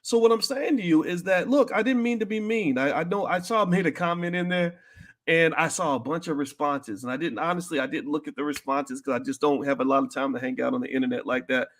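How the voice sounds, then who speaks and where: A man hosting a commentary show, talking bluntly and directly to his audience, with many restarts and loud, high-pitched outbursts when worked up. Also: quick pace. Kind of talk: opinionated commentary to an online audience.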